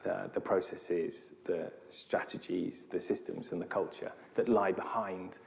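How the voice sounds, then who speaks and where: A man, an architect with a British accent, answering audience questions in a thoughtful, measured way with some hesitations. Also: sits low, fairly even intonation, vocal fry, darkish tone. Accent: British English. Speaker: city architect, guest speaker.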